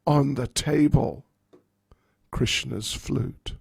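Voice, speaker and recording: A man, a spiritual teacher, telling a story in a class, animated and wryly humorous. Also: mid-range voice, very slow, gravelly, slightly rough, no echo, studio quality.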